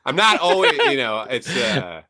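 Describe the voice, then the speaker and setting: An actor playing a bumbling grown man who runs an adult-baby spa, rambling with many halting restarts. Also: medium pitch, huge pitch swings, pushed and bright, dry recording, exaggerated voice. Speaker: diaper spa partner, podcast guest. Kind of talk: improvised comedy character.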